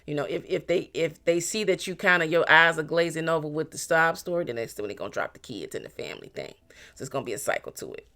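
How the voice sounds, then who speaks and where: Tarot reader, casual and blunt, mid-pitched, animated delivery with mocking asides. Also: quick pace. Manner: animated, acts out quotes in mocking voices; blunt, talks straight to the viewer. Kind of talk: casual tarot reading to viewers.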